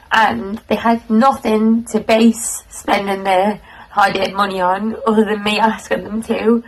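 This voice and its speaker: A young woman, thanking her class's families in a tearful, halting, heartfelt way. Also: fairly high pitch, slight background noise, rough recording. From North West England. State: tearful, close to crying. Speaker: toddler class leader. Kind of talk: casual thank-you message to parents.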